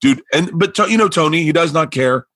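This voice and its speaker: A man's voice: a little high, brisk, dry recording. A male comedian guest on a podcast, telling a story in casual chat, acting out the other people in it, with lots of restarts. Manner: animated, frequent restarts and acted-out quotes.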